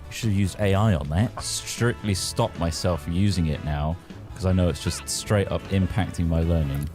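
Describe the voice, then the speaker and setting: A man in his thirties co-hosting a stream, dry and deadpan, scolding his friends' jokes. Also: deep voice, moderate pace, faint music behind. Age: 30s. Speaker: stream co-host.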